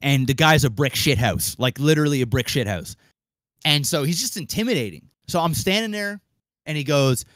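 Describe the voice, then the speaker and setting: A young man on a podcast mic, telling a long story in an animated, casual way, swearing freely and acting out the people in it. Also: a little high, moderate pace, no room sound. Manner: animated, acts out quoted voices, swears freely. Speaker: podcast co-host.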